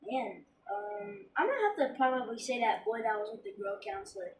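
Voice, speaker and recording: A woman's voice: a little high, very animated, a little fast. A woman co-reviewing a film in casual chat, adding brief interjections and plot details. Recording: echoey room, voice from a distance, faint background noise.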